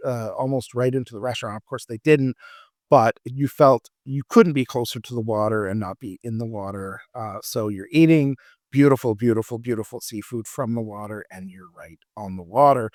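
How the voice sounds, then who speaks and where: A man's voice: medium pitch, dry recording, clean studio sound. A man co-hosting a casual travel podcast, rambling with many fillers and restarts. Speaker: podcast co-host.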